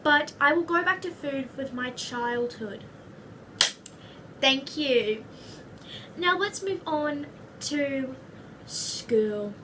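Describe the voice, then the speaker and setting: A woman's voice: high voice, bright, forceful tone, distant mic, a little hiss or hum. A young woman with an Australian accent chatting in a casual vlog, rambling and goofy, full of jokes and asides. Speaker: vlogger.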